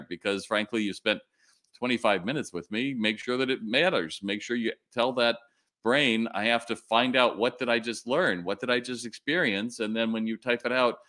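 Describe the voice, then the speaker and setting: A middle-aged man hosting a live question-and-answer stream, giving blunt, animated retail advice. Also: mid-range voice.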